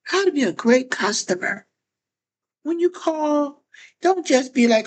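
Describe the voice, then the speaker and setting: A woman's voice: high voice, lively intonation, measured pace, pauses often, rough recording. A woman giving casual talk-to-camera advice as a phone chat operator, often repeating phrases and restarting sentences.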